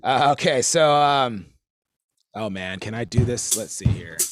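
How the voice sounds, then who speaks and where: A man teaching a live online drum warm-up class, talking in a halting way full of fillers, counting in and singing rhythms aloud. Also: mid-range voice, lively intonation, music in the background.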